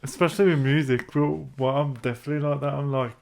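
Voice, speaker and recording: A man's voice: medium pitch, fairly even intonation, fast, gravelly, darkish tone, a little hiss or hum. A young man chatting on a podcast, enthusiastic and rambling, often trailing off. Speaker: podcast co-host. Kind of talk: casual chat.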